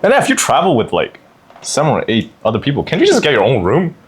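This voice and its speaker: A man's voice: mid-range voice, wildly swooping pitch, quick pace, slightly rough. A young man from Canada, a podcast guest, chatting casually with dry jokes and laughs. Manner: dry, joking, laughs between remarks. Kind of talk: casual chat.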